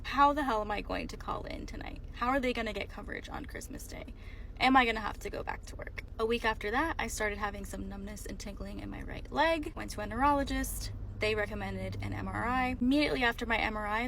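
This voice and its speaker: A woman's voice: mid-range voice, vocal fry, a bit bright, a little hiss or hum, poor audio. A young woman, a former nurse, telling her own story in an earnest, candid way. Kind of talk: personal storytelling.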